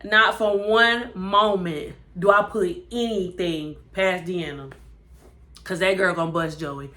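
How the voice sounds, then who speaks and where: Woman, TV reviewer, casual recap, animated, chatty, plays out characters' lines. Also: fairly low pitch, takes it slowly. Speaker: TV show reviewer.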